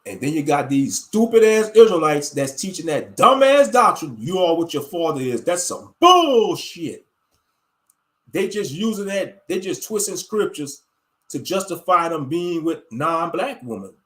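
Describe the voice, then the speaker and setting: This online show host has a high, sing-song voice and a measured pace. He launches into a blunt, emphatic rant laced with profanity and frequent filler words.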